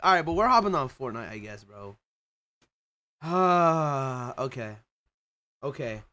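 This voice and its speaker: A young man of Mexican heritage chatting profanely with his livestream viewers, excitable and prone to sudden shouts and laughter. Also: mid-range voice, slow pace. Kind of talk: casual livestream chat with viewers.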